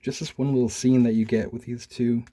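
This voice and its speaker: A man's voice: medium pitch, level tone, a little fast, dark tone, a little hiss or hum. A young man casually reviewing a comic, rambling in a laid-back way with lots of "like" and "man".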